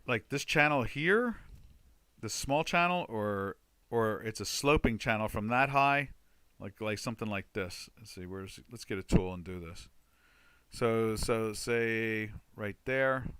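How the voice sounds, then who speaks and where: A man's voice: on the low side, measured pace, sharp tone, clean tone, no echo. An older man hosting a trading webinar, chatting loosely about charts with many fillers and restarts. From United States. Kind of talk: casual market commentary over charts.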